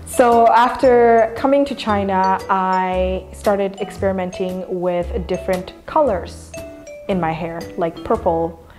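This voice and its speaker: A woman speaking earnestly and deliberately in a documentary interview. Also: mid-range voice, a little mellow, soft background music.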